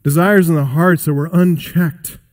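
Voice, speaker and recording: A man preaching a sermon, emphatic, rising and dropping in pitch and loudness, and putting rhetorical questions to his listeners. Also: fairly even intonation, moderate pace. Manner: asks the congregation rhetorical questions.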